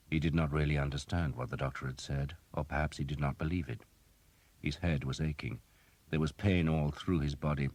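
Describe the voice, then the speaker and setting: A man narrating an audiobook in a measured, even storytelling manner. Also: very deep voice, breathy edge, dry recording. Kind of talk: scripted narration.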